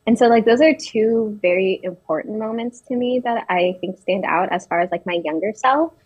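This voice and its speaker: A woman's voice: medium pitch, normal speed, slightly rough, low-quality recording. A young woman in her twenties, telling personal stories in casual talk, hesitant with many restarts and fillers. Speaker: interviewee.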